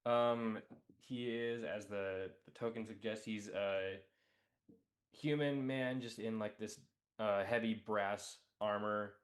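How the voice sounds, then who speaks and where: A man's voice: on the low side, steady tone, takes it slowly. A man playing a tabletop role-playing game, describing his character with a hesitant, filler-heavy delivery. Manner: hesitant, many ums and likes. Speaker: player.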